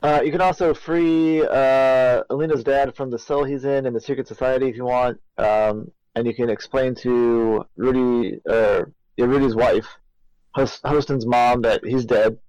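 A man's voice: medium pitch, steady tone, a little slow, a little mellow, smooth, no room sound, rough recording. A man co-hosting a podcast, rambling through a game's plot in casual chat with lots of fillers. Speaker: podcast co-host. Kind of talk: casual game recap chat.

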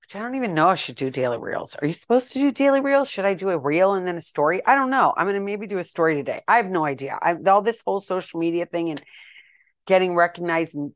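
Chatty middle-aged woman podcaster, low-ish voice. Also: expressive, quick pace, no echo. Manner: chatty, rambling, self-deprecating, acts out quoted exchanges. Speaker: podcast host. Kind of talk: casual solo podcast monologue.

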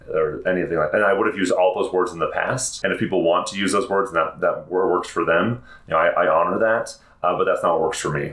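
Reflective male interview guest, very low voice, roomy echoey sound. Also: fairly bright tone. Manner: earnest and reflective, with frequent "like" and restarts. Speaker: podcast guest, therapist. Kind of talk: candid interview conversation.

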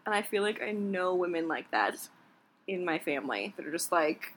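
A woman chats casually on a podcast with a hesitant, filler-heavy delivery. Her pitch moves in a lively way. Her voice has a slightly husky, breathy edge. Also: normal speed, poor audio. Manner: chatty, hesitant, lots of fillers and laughter. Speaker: podcast co-host. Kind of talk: casual chat.

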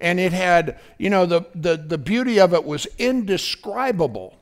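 A man's voice: sits high, animated, moderate pace. A man preaching a fervent sermon as pastor, often breaking in with "praise God" and asking if the congregation is listening.

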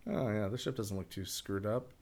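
A man co-hosting a podcast, giving snarky, deadpan movie watchalong commentary full of swearing. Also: on the low side, normal speed, vocal fry. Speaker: podcast co-host.

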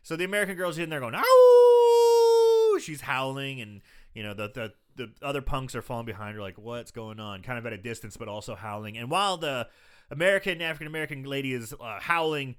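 A man in his forties chatting casually as he recaps a movie, telling it with lively energy, acting out characters' lines and swearing freely. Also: mid-range voice, quick pace. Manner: animated storytelling, acts out lines, swears casually.

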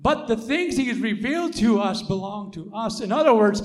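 A man preaching a sermon, emphatic and repetitive, swelling to loud declarations and dropping to soft asides. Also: sits high, animated, normal speed.

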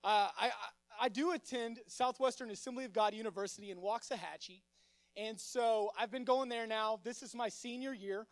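A man's voice: high voice, moderate pace, no room sound. A young man, preaching as youth pastor in a church, friendly and joking, often stammering and repeating words. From Texas. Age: 20s. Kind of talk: sermon with casual storytelling. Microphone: stage microphone.

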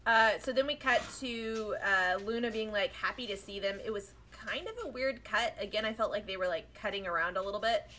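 A woman co-hosting a podcast, chatting casually and animatedly as she recaps an episode, slipping into quick voices for the characters. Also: medium pitch, bright, forceful tone, slight background noise, low-quality recording. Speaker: podcast co-host.

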